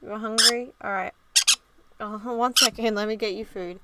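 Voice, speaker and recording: A woman chatting casually and cooing softly to her pet bird while she draws. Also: mid-range voice, steady tone, moderate pace. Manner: soft, cooing pet talk. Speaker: vlogger. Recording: loud background noise.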